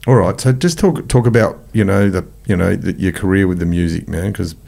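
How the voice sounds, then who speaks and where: A man's voice: sits low, fairly quick, gravelly, darkish tone. A man hosting a podcast, asking questions in a casual, encouraging way. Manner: encouraging, casual, swears freely. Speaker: podcast host. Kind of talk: casual interview chat.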